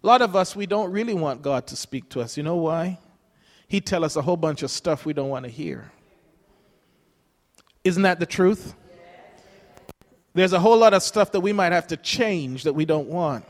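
A man's voice: a little high, lively intonation, normal speed, long pauses. A man preaching a conversational sermon as a pastor, telling stories and chuckling often. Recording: long hall reverb.

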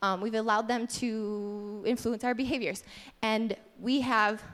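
A woman's voice: fairly high pitch, steady tone, unhurried, a bit bright. Candid woman teaching in a reverberant hall. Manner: candid and self-deprecating. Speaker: church teacher. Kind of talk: casual sermon teaching.

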